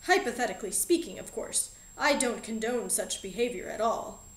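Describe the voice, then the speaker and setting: A woman's voice: on the high side, moderate pace, reverberant, lightly acted, low-quality recording. A woman voicing a genial, eccentric middle-aged male magic shop owner who speaks in a fussy, polite and playfully formal way, for an audiobook. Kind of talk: audiobook character reading.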